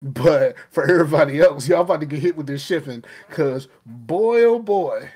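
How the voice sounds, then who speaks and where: Rambling, laughing podcast host. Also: male voice, on the high side, expressive, moderate pace, mellow, slightly rough. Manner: loose, rambling, laughs often. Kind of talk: casual chat.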